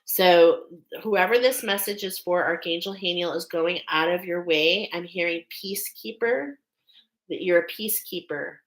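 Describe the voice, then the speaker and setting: A woman giving a live channeled intuitive reading in a halting way, often pausing to check in with "okay". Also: lowish voice, low-quality recording. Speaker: intuitive reader.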